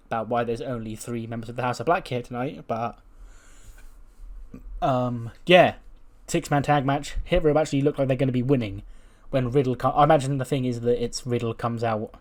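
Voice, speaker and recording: A man's voice: medium pitch, a little mellow. A man narrating a wrestling simulation game casually, chatty and rambling, trailing off with "um". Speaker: game commentator.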